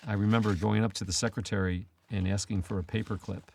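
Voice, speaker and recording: Low-voiced man telling rambling stories. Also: little pitch movement, fast, gravelly, a little hiss or hum. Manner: rambling anecdotes, frequent "he goes" and restarts. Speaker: co-host of a Christian talk show. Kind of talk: casual storytelling chat.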